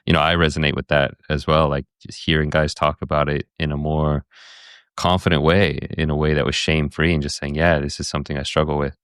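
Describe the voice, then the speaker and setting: A man hosts an interview with a very deep, smooth voice. He speaks calmly and affirms what he hears. The recording is dry. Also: brisk, no room sound. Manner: calm, affirming, reflective. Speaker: podcast host.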